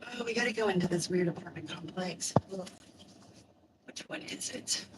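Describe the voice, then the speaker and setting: A woman's voice: lowish voice, moderate pace. An older woman from Kentucky with a country accent, chatting in a rambling, self-deprecating way while she drives for deliveries and streams live. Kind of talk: casual chat. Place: in a car while driving. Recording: distant phone mic with faint road noise.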